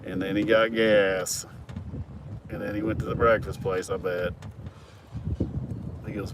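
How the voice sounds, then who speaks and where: A middle-aged farm worker tells a long story full of profanity, loose and rambling, chuckling now and then. His voice is fairly low and steady, with a measured pace and long pauses. It's recorded outdoors at a work site amid traffic, vehicle and outdoor noise.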